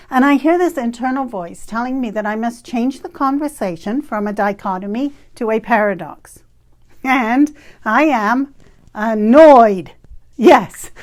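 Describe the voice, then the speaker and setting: A woman in her fifties from Canada tells a personal story with a fairly high voice. She speaks in an animated, emphatic way and laughs now and then. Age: 50s. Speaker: retreat facilitator.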